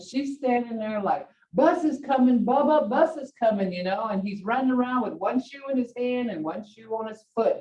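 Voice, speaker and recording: An older woman teaching a language class, telling chatty stories and acting out the bossy commands she gives at home. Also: medium pitch. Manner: chatty storytelling, laughs often, acts out bossy commands. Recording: distant, echoey, dull classroom audio.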